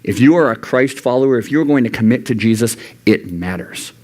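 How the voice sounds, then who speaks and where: Delivering an earnest sermon in a church youth room, this young adult youth pastor speaks a little fast. He often quotes God and himself in high, animated voices.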